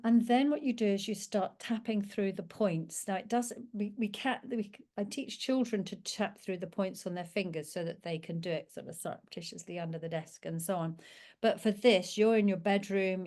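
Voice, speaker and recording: A woman, working as a parenting coach, gently and reassuringly explains a calming technique. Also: fairly low pitch. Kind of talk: talking-head teaching video.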